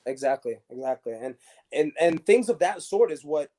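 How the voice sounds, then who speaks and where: A man's voice: a little high, normal speed. A man, a former pro soccer player, telling stories casually as an interview guest and acting out the dialogue. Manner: animated storyteller acting out dialogue.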